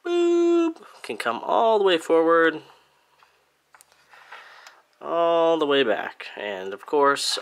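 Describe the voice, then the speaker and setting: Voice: mid-range voice, fairly bright tone. A speaker from Germany giving a casual hands-on review of a toy figure, chatty and playful, with little sound effects along the way.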